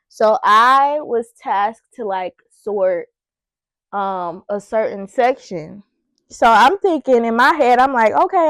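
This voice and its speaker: A woman's voice: mid-range voice, no room sound. A young woman vlogger chatting casually and reflecting on herself, using casual slang and sounding slightly out of breath. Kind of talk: casual chat while styling her hair.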